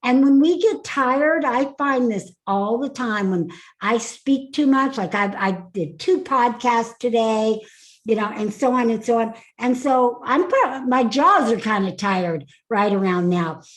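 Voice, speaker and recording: This woman's voice sits up high as she coaches a live online class over a video call. She is upbeat, laughs easily, and keeps calling on attendees by name. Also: unhurried, poor audio. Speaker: speaking coach.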